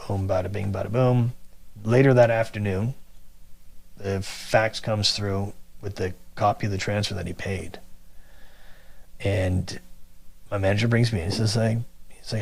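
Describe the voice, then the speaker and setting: Man, low voice, casual animated storyteller who mimics people he quotes. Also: moderate pace, gravelly, long pauses, breathy edge. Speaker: guest telling his story.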